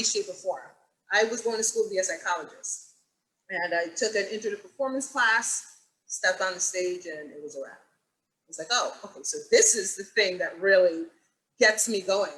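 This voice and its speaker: A woman with a bright, forceful voice moderates an online panel discussion. She tells stories animatedly and acts out the quoted lines. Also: mid-range voice, low-quality recording. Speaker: moderator and acting teacher. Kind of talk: panel discussion on a video call.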